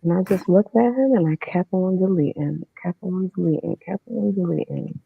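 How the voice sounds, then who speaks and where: Speaking at a moderate pace, this female podcast guest recounts her personal story plainly and candidly, using casual fillers. Her voice is on the low side, creaky and slightly rough. It comes through a remote streaming setup, so the audio is a dull, lo-fi online stream.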